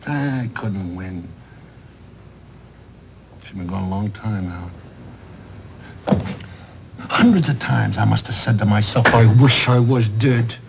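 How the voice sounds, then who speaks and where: An actor playing a middle-aged theatrical agent, loud, sardonic and self-pitying, in a 1970s TV drama. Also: male voice, lowish voice, slow, gravelly, pauses often, heavy background noise. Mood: regretful. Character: loud, bitter, wisecracking male theatrical agent. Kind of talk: 1970s television drama acting.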